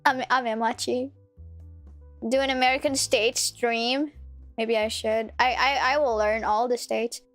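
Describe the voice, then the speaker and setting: Playful high-voiced woman streamer. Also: fairly even intonation, measured pace, fairly bright tone, no room sound, faint music behind. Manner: playful, giggly, stumbles over words. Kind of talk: casual game-stream chat.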